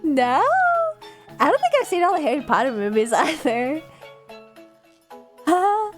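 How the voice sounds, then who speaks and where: A young woman streaming live and chatting with her viewers, her voice sitting high and swinging widely in pitch. She talks in a loose, animated way, laughing often and swearing casually. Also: unhurried, soft background music. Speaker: livestreamer. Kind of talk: casual chat reading viewer comments.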